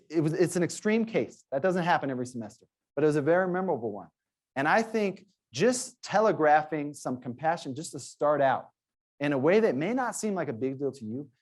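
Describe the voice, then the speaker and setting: A man, a sociology professor, giving an earnest conference presentation and telling stories, with frequent restarts. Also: mid-range voice.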